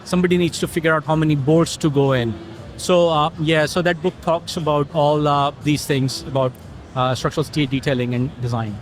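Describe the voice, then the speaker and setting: A middle-aged man as an interview guest, explaining things in a relaxed conversational way and telling stories with quoted dialogue. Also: on the high side, fairly quick. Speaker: interview guest, technology consultant.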